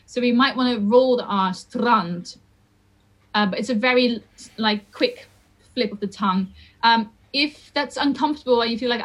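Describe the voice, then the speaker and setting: A woman teaching the pronunciation of song lyrics in a chatty, informal way, sounding out each word slowly. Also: on the high side, fairly bright tone, low-quality recording. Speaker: singing and Dutch diction teacher. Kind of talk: lesson, talking through song pronunciation.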